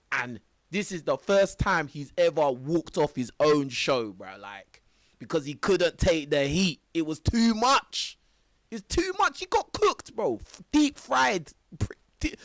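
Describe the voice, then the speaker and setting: High, lively young streamer. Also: male voice, dry recording, studio quality. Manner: laughing, exclamatory, heavy slang. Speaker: live streamer reacting to clips. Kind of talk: excited reaction commentary.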